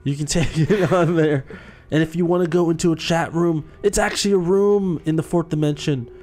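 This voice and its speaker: A man with a fairly high voice riffs playfully through a casual podcast chat. Faint music plays behind him. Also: steady tone, normal speed, a little mellow. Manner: playful, riffing, goofy.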